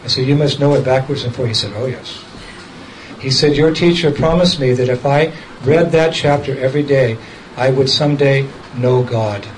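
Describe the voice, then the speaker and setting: A man's voice: mid-range voice, moderate pace, a little hiss or hum, poor audio. A man casually telling a story from his past, often chuckling and quoting the people in it directly. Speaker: devotee recounting a memory.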